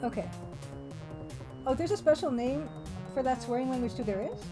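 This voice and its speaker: A woman's voice: sits high, expressive, normal speed, music in the background, rough recording. A woman streamer chatting casually and laughing often as she plays a retro game, reading its text aloud. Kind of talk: casual live-stream chat while playing a retro game.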